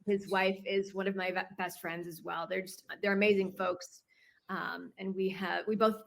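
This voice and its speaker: A woman from Chicago, a guest on a video-call interview, telling a personal story and pausing to gather her thoughts. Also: mid-range voice, flat delivery, gravelly. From Chicago, United States.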